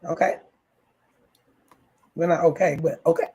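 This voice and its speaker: A woman's voice: low-pitched, steady tone, measured pace, warm tone. A woman co-hosting a casual live stream as the mock judge, with dry teasing asides. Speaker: co-host playing the judge on a stream.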